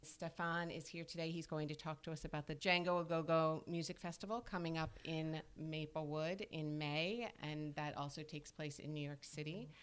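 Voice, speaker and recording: A woman's voice: sits low, fairly even intonation, moderate pace, hardly any pauses, clean tone. A woman co-hosting a podcast, reading out a guest's introduction and asking questions. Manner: reads a guest introduction, then asks questions. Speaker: podcast co-host. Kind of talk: podcast interview.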